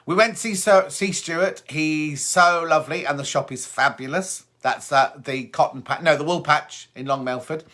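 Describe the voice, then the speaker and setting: A man hosts a relaxed live stream from his phone, reading viewer messages aloud and replying between them. His voice is bright and sits a little higher than most men's. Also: normal speed, few pauses. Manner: chatty, reads out comments and answers them. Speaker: host.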